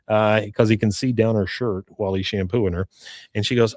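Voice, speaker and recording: A man's voice: fairly low pitch, normal speed, no room sound, studio quality. Man animatedly recapping a cartoon episode. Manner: animated storytelling, acts out lines. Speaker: podcast host.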